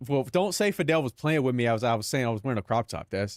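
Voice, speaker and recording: A man's voice: medium pitch, lively intonation, fast, no echo, studio quality. A young man streaming live, chatting casually, joking and swearing, often laughing at his own bits.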